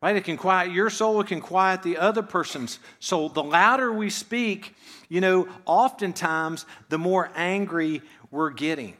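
Man preaching in a soft, conversational tone. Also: sits high, unhurried. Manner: conversational, drops voice softly on phrase ends, asks rhetorical questions. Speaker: pastor. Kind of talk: sermon. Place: church.

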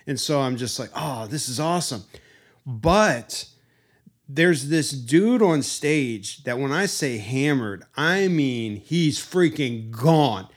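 A man hosting a podcast, telling a funny story in a lively way and acting out scenes as he goes. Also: mid-range voice, slow pace. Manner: animated, acts out scenes with funny imitations. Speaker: podcast host. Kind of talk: casual storytelling chat.

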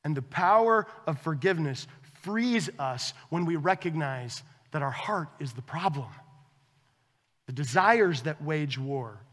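A man preaching a sermon as a pastor, conversational and animated, acting out quoted dialogue with his wife. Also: on the high side, measured pace, in a large hall.

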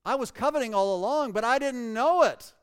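A pastor preaching a sermon, emphatic and swinging between loud and soft, reading scripture aloud in old-fashioned wording. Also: male voice, extremely high pitch, expressive, fairly quick, clean tone. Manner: reads scripture aloud in King James wording. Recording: long reverb of a large hall.

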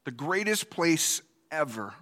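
A man's voice: fairly high pitch, very animated, takes it slowly, fairly bright tone. A male pastor giving a conversational sermon, asking the congregation questions and acting out quoted reactions.

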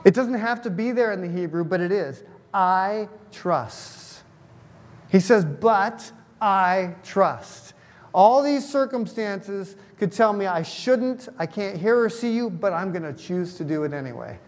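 Pastor guy preaching, fairly high voice, chatty, asks the room questions, lots of hall echo. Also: expressive, normal speed, few pauses, a little mellow. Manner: conversational, asks the congregation questions. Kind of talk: sermon. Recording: long hall reverb.

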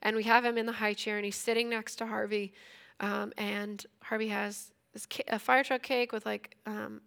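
Woman teaching scripture, gravelly voice. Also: medium pitch, level tone, moderate pace, fairly bright tone. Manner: conversational, retells scripture in everyday speech. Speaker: Bible study teacher. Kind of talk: casual devotional teaching.

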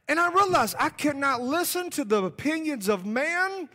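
A man preaching at a revival, fervent and insistent, stacking phrases for emphasis. His high, bright voice swings up and down with energy. The sound rings with a long reverb from a large church hall. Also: expressive, normal speed, few pauses. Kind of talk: revival sermon. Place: church sanctuary.

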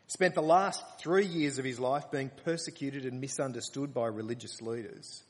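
A man preaching a sermon, earnest and emphatic when he reads scripture aloud. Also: mid-range voice. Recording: long reverb of a large hall.

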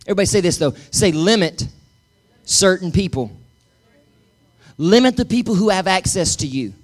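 A man's voice: high voice, very animated, fast, a little mellow. A middle-aged male pastor preaching a sermon, emphatic and calling on the congregation to repeat after him. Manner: emphatic, calls for congregation responses.

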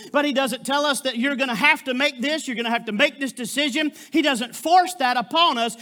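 High, bright-voiced fervent male preacher. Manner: fervent, exclamatory preaching with frequent interjections. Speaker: guest preacher. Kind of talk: sermon.

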